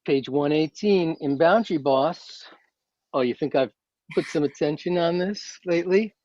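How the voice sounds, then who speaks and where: A man's voice: a little high, normal speed, darkish tone, dry recording. Man guest, enthusiastic, effusive, dry and slightly muffled call audio. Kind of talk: casual chat on a video call. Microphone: video call.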